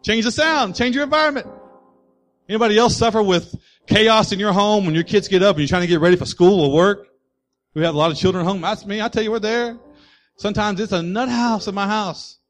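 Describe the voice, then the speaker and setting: A man's voice: sits high, a little fast, soft background music. A man preaching a sermon as pastor, with rising and falling emphasis and acted-out voices.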